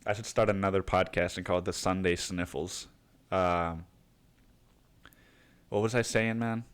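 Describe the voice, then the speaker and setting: A man's voice: deep voice, fairly even intonation, unhurried, smooth. A young man with the sniffles hosting his podcast in a rambling, profane, slangy monologue. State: sniffly with a cold. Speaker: podcast host.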